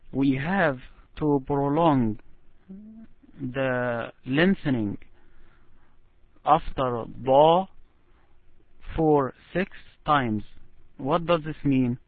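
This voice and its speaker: Guy teaching recitation on a call, slow and patient, tinny phone sound, dry. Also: mid-range voice, no room sound. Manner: patient, slow, demonstrates words drawn out. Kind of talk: one-on-one recitation lesson.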